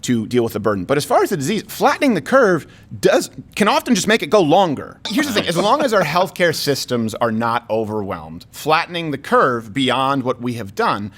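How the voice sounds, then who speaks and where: A man hosts a political talk show in an emphatic, argumentative way, tossing in sarcastic asides. His voice sits high and jumps around a great deal as he makes his points. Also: sing-song, moderate pace, a bit bright. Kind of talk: opinionated political commentary chat.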